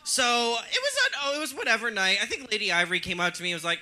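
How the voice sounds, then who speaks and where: A man's voice: high voice, very animated, racing, few pauses, pushed and bright. A man hosting a bar viewing party, chatting casually and telling bawdy, joking stories into a mic. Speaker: drag queen host. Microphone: handheld mic.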